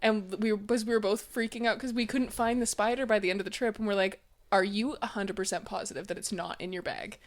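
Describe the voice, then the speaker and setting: A woman's voice: medium pitch, fast talker. Young woman jumping in with chatty stories. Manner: animated retelling that jumps in to finish stories. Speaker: podcast co-host. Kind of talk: casual chat.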